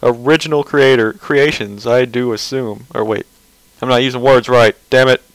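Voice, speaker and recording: A man's voice: medium pitch, steady tone, normal speed, no room sound, poor audio. A man giving casual, rambling commentary on a webcomic page, mocking and sarcastic, often restarting his sentences.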